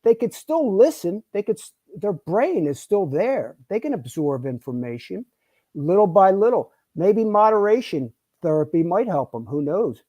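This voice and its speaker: A man's voice: high-pitched, very animated, normal speed, no echo, highs cut off. A man co-hosting a recovery podcast, speaking emphatically and repeating himself as he makes his points. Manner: emphatic, repetitive, interrupting. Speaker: podcast co-host. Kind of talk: casual recovery discussion.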